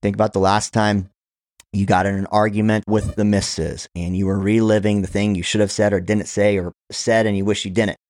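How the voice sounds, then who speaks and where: A man hosting a podcast, coaching listeners through counted breathing and prayer in a steady, guiding way. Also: fairly low pitch, brisk, no echo, studio quality. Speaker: podcast host.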